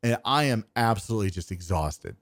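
A man's voice: lowish voice, expressive, brisk, dry recording, clean studio sound. A young man co-hosting a podcast, telling a long, rambling story in casual chat and acting out the people in it with self-deprecating humor. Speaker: podcast co-host.

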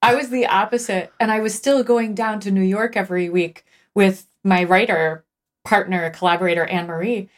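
A woman's voice: medium pitch, fairly even intonation, moderate pace. A woman guesting on a talk show as an author, telling stories in a thoughtful, earnest way. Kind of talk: casual conversation.

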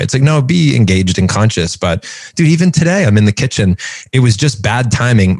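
This is a man in his forties with a lowish voice, telling personal stories as a podcast guest. He talks in a lively, animated way and keeps checking in with asides like "right?". The sound is dry and close, with almost no room echo. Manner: lively, animated storyteller who often says "dude" and "right?". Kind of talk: casual storytelling conversation.

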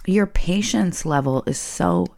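A woman's voice: on the low side, expressive, takes it slowly, creaky, darkish tone. A woman co-hosting a podcast, telling stories casually, swearing and making fun of herself. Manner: storytelling, profane, self-mocking. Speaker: podcast co-host. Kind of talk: casual chat.

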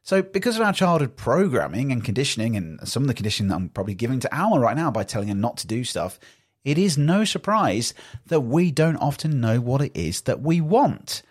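A man talks through his podcast on his own. His voice has a slightly husky grain and swings widely in pitch as he chats. He sounds animated and conversational, and he often acts out little everyday exchanges. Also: a little fast. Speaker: podcast host. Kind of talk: casual solo podcast talk.

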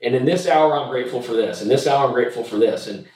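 A man's voice: mid-range voice, animated, quick pace, darkish tone. A man, a podcast guest, telling a story in a reflective, conversational way, often restarting his sentences. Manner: reflective, repeats words when starting sentences. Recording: roomy room, distant mic.

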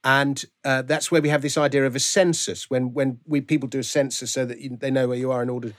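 A man's voice: mid-range voice, little pitch movement, quick pace. A man, a guest author, talking animatedly in a remote interview and often restarting his phrases. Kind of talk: conversational interview. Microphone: video call.

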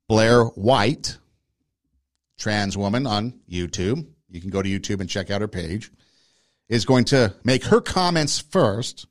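A man hosting a podcast, giving argumentative opinion commentary and speaking straight to his listeners. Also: on the low side. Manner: argumentative, addresses listeners directly. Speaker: podcast host.

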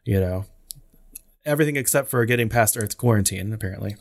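Low-voiced man rambling about a film. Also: fast, creaky. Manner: rambling, frequent "you know" fillers. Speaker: podcast co-host. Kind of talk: casual film discussion.

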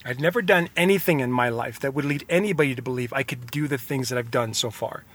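A man's voice: mid-range voice, quick pace, fairly bright tone. A young man hosting a podcast, talking in an earnest, rambling, confessional motivational monologue. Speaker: podcast host.

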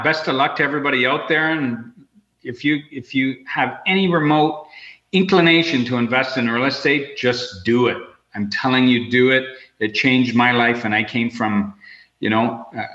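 A man's voice: medium pitch, pushed and bright, reverberant, lo-fi sound. A man speaking as a podcast guest in casual interview talk, rambling with lots of fillers and restarts. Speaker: podcast guest, real estate investor.

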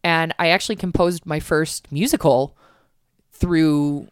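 Woman, low voice, casual chat, filler-heavy, dry close sound. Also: unhurried, smooth, no room sound. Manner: chatty, lots of fillers and restarts.

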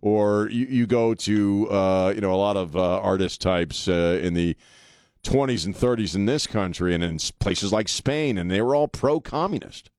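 A man's voice: lowish voice, moderate pace, darkish tone, dry recording. Blunt sarcastic male radio host, dry studio mic. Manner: blunt, sarcastic, laughs often. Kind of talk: opinionated talk radio monologue. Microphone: studio microphone.

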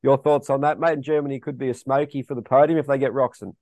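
A man's voice: medium pitch, fairly even intonation, fast talker, mellow, no room sound. An Australian man co-hosting a casual podcast chat, matey and throwing questions to his co-host.

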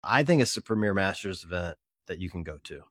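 A man from Mississippi hosts a relaxed podcast chat, ribbing and storytelling with plenty of energy. His voice sits on the low side. The sound is close and dry, with no room around it. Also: brisk, no room sound. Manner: joking, animated storytelling. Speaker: podcast host. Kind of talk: casual interview chat.

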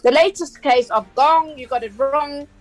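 A South African woman with a somewhat high voice talks through consumer advice on a radio show. She is chatty and explanatory, full of fillers and quick restarts. Faint music plays underneath. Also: low-quality recording. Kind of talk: radio talk segment.

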